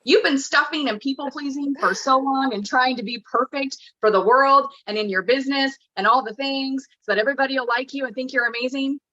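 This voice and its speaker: A woman's voice: sits high, brisk, hardly any pauses, pushed and bright, highs cut off. A woman guest on a podcast, talking in an emphatic, blunt way. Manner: emphatic and blunt, swears casually. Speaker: guest coach. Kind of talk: casual podcast conversation.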